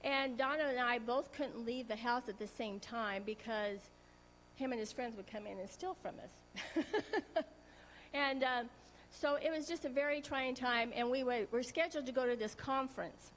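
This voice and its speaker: A woman sharing an emotional personal testimony in a church talk, earnest and halting, often restarting her sentences. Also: on the high side, a bit bright, slight background noise, rough recording.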